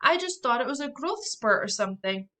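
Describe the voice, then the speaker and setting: Woman doing a carefree young girl, breezy and cheerful, bright voice, storybook reading. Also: high-pitched, very animated, a little fast, far from the mic, voice pushed up, heavily acted. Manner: breezy, reassuring.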